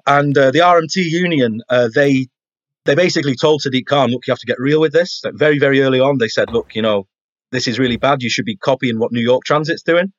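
A man chats casually as a podcast guest, easygoing and quick to laugh. His voice comes through a slightly dull, muffled line. The sound is dry, with no room around it. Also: mid-range voice, no echo. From England. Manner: chatty, laughs often, says mate.

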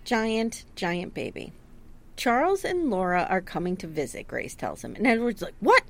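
A woman in her thirties co-hosting a casual chat, animated and sarcastic as she recounts scenes and acts out lines. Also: medium pitch, moderate pace. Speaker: podcast co-host recapping a TV episode.

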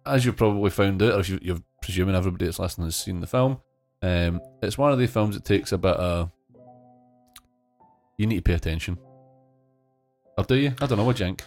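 A man with a lowish voice leads playful podcast banter and teases his co-hosts. Faint music sits under the talk. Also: fast, pauses often, a little mellow. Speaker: podcast co-host. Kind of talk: casual chat.

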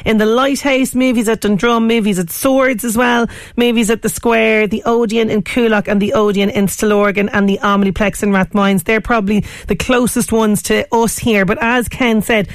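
A woman's voice: a little high, steady tone, moderate pace, few pauses, no echo. Lady radio host, gushing and chatty, dry close studio sound. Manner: enthusiastic, effusive praise. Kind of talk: radio interview chat.

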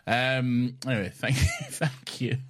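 A man's voice: medium pitch, steady tone, a little slow. A young man co-hosting a podcast in casual chat, giggly and rambling as he reads listener emails. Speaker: podcast co-host.

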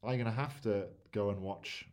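A man's voice: fairly low pitch, moderate pace, a little mellow. A man co-hosting a casual chat, telling self-deprecating stories with dry humour. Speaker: podcast co-host.

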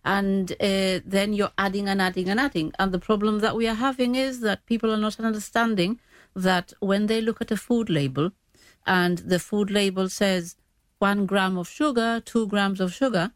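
A woman's voice: mid-range voice, steady tone, normal speed, no echo. A woman, a diabetes educator guest explaining things patiently on a radio chat, often restarting her sentences.

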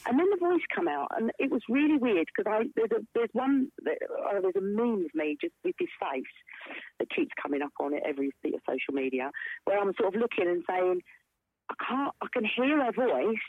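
A middle-aged woman with a husky, slightly breathy voice tells her stories with lively swoops of pitch, leaping high and dropping low. She sounds as if she is on a tinny phone line, close and dry, with no room around her. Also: a little fast, no room sound. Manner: animated storyteller, swings her voice up and down. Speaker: guest, stage performer. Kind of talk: casual chat.

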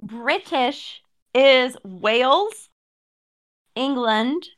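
Quizzical woman with a lively, high voice. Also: very slow. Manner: quizzical, argumentative. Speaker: podcast co-host. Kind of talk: casual chat.

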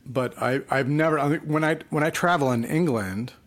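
A man's voice: fairly high pitch, brisk. Tired man chatting, trailing off. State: sleepy, late at night. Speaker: podcast co-host. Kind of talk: casual chat.

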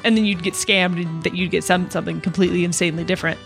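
A woman's voice: fairly low pitch, very fast, vocal fry, soft background music. Laughing young woman chatting. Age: young adult. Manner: laughing often, animated. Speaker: podcast co-host, daughter. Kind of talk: casual chat.

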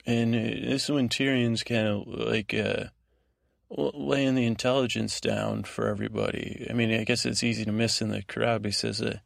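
A man with a low, gravelly voice wanders through a bedtime recap, often stopping to restart his sentences. His voice is dry and close, with no room sound around it. He sounds like a host talking his listeners down toward sleep. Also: little pitch movement, no echo. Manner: meandering, halting, with frequent restarts and fillers. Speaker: podcast host. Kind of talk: rambling bedtime recap monologue.

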